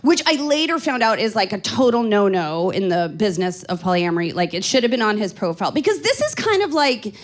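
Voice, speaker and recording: A woman's voice: medium pitch, very animated, a little fast, few pauses. A woman in her forties from Canada doing stand-up comedy into a handheld stage microphone, chatty and rambling with dry self-mocking asides. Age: 40s.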